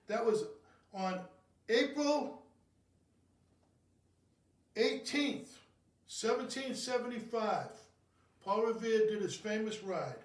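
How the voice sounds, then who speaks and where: A man with a high voice hosts a casual cocktail video from his home kitchen, rambling and making jokes at his own expense while mixing a drink. He is far from the mic, so the sound is roomy.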